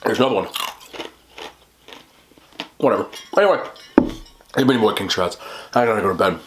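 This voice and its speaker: Weary male vlogger with a New York accent and a low voice, rambling to camera with self-deprecating laughs. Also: normal speed, background noise. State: tired. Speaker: mukbang vlogger. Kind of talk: casual late-night rambling to camera.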